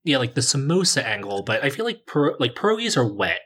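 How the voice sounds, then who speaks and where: A man's voice: medium pitch, big pitch swings, fast, fairly bright tone, slightly rough. A man with a US East Coast accent in casual podcast chat, rambling and hesitant, full of fillers and restarts. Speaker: podcast co-host.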